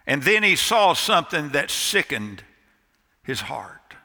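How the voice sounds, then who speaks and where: A man preaching a sermon as a pastor, telling a story dramatically with pauses and sudden drops to a near hush. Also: on the high side, very animated. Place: church sanctuary. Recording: long reverb of a church hall.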